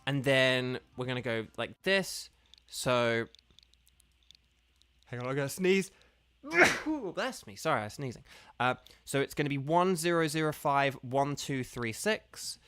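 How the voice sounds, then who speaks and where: Bright, clear-voiced male game streamer. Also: medium pitch, lively intonation, unhurried, no room sound. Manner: patient, explaining step by step with many fillers. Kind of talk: casual live-stream chat with viewers.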